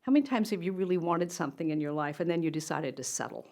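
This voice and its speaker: A woman's voice: fairly low pitch, expressive, fast talker, a little mellow. An older woman, a motivational speaker, telling a personal story straight to camera in an earnest, conversational way.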